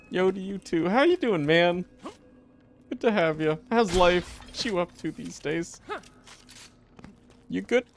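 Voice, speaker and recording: A man streaming a video game, chatting casually with his viewers, reading their messages aloud and laughing often. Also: sits high. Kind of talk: casual live-stream chat.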